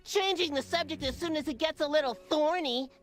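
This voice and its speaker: A woman's voice: high-pitched, a little fast, close to an everyday voice. A woman voicing a whiny, bratty young boy in a video game.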